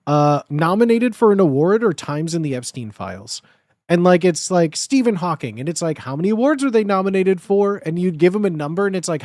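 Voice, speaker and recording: A man's voice: a little high, darkish tone, no echo, clean studio sound. A young man streaming, chatting casually with rambling, giggly, crude jokes.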